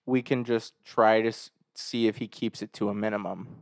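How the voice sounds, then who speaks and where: A man's voice: lowish voice, fairly even intonation, moderate pace, gravelly, dry recording, studio quality. Young man joking around on a podcast. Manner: laughing, joking, teasing. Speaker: podcast co-host. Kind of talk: casual chat among friends.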